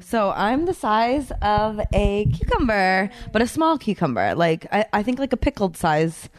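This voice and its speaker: A pregnant woman co-hosting a casual podcast, her voice sitting in a middle range. She tells stories in a loose, rambling way, full of "like" and quick giggles, as she chats with family. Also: mid-range voice, very animated. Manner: rambling, giggly storytelling with many "like" fillers. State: pregnant, eighteen weeks. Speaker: podcast co-host. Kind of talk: casual chat.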